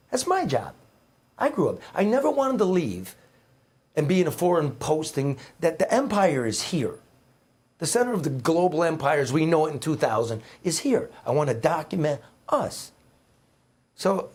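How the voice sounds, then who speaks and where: A middle-aged former newspaper reporter, here as a guest, speaks on the high side with a slightly rough, somewhat mellow voice. He tells heartfelt stories conversationally, rambling and emphatic.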